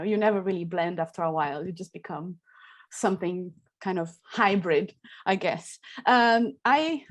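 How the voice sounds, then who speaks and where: A woman from Brazil, a soprano speaking chattily on an online panel over a video call. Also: medium pitch.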